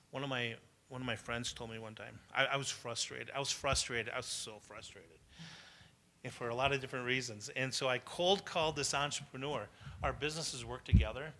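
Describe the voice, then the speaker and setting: A man's voice: medium pitch, sharp tone. A man speaking to entrepreneurs at a live business event, chatty and anecdotal, laughing often and asking the audience questions. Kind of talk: motivational talk to entrepreneurs.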